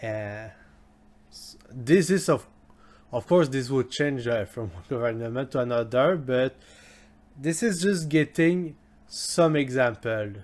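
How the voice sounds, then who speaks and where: A man's voice: mid-range voice, expressive. A man whose first language is French, hosting a history explainer in a casual spoken style and often restarting and correcting himself. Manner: slow and halting, many restarts and self-corrections. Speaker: history video host.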